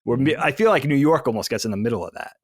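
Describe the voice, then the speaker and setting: A man's voice: medium pitch, big pitch swings, fast talker, breathy edge, no echo, studio quality. A man hosting a podcast, chatting casually and steering the conversation. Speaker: podcast host.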